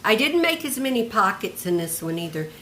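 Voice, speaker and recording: A woman's voice: mid-range voice, very animated, a little fast, a bit bright, slight background noise. An older retired woman showing off a handmade journal in a homey, chatty show-and-tell, describing each piece one by one. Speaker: craft vlogger.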